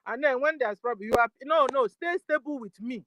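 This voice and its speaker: A woman hosting a casual live audio chat, forceful and firm, often asking "you understand?". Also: high voice, fairly quick, no room sound, rough recording. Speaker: host of an online audio space.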